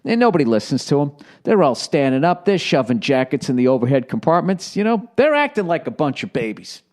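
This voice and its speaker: A man in his forties with a Boston accent hosts a casual solo podcast, telling stories in a rambling, sarcastic way and swearing freely. His voice is a little high and darkish in tone, with big pitch swings and a slightly fast pace.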